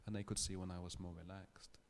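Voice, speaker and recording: A man giving a public lecture, telling a story in a thoughtful, measured way with small restarts. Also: low-pitched, level tone, a little hiss or hum. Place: lecture hall.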